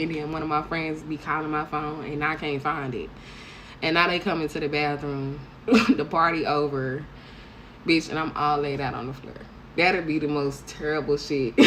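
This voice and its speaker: Deep-voiced black lady in her 30s, blunt and cussing, slight room hum behind her. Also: fairly quick, a bit bright, low-quality recording. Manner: blunt, profane storytelling with bursts of laughter. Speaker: vlogger. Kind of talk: casual monologue to camera.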